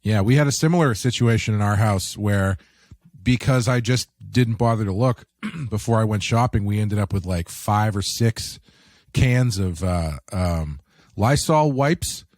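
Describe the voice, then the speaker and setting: A man with a lowish voice co-hosts a podcast, spinning stories in a dry, deadpan, wry manner at an unhurried pace. It's a casual chat captured with clean studio sound and no room echo.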